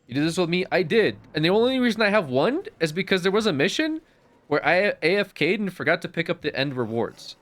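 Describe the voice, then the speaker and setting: A man's voice: high-pitched, sing-song, fairly quick, a bit bright. A young man giving casual commentary while streaming a game, often exasperated and swearing.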